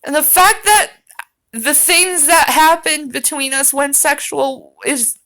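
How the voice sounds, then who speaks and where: A woman's voice: high-pitched, takes it slowly, sharp tone. A woman streaming a reaction to a video, rambling and swearing as she talks straight at the man in it. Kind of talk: casual reaction commentary.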